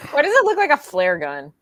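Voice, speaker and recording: High, lively giggly woman. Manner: giggly, quick quips. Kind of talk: casual live-stream chat.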